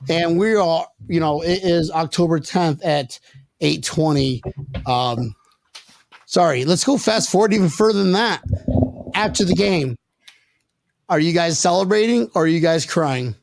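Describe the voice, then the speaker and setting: Male podcast host, slightly high gravelly voice, rowdy joker, dry close sound. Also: a little slow, dry recording. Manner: rowdy, joking, tells loud stories. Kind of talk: casual podcast chat. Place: home, living in South Florida.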